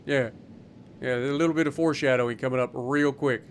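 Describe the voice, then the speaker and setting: A man's voice: mid-range voice, fairly even intonation, quick pace, a little hiss or hum. A man giving casual, sarcastic commentary over his own gameplay, chatting and teasing opponents as he explains his moves. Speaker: gaming YouTuber.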